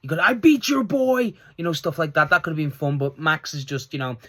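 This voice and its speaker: A man casually reviewing a wrestling show on his own, excitable and swearing freely as he recounts the segments. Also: fairly high pitch, quick pace.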